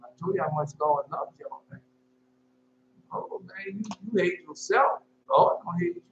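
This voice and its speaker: A man, teaching scripture informally, reading verses slowly and then explaining them in loose casual talk. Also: high voice, fairly bright tone. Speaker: preacher. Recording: roomy, dull lo-fi sound with faint hum.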